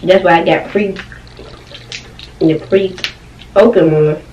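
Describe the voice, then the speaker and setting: Young woman, low voice, unhurried food-review chatter; roomy home sound, faint background noise. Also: steady tone, darkish tone, recorded from a distance, muffled recording. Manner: chatty, eating on mic with frequent "mm"s. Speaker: mukbang vlogger. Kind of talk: casual food review while eating. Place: at home with her kids nearby. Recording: roomy, off-mic home recording.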